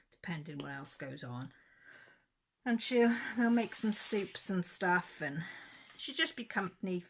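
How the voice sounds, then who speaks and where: A woman's voice: low-pitched, a little hiss or hum. A woman, chatting casually to her viewers and telling a rambling family story in plain, down-to-earth words. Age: 50s. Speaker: crafting channel host. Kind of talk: casual chat while crafting.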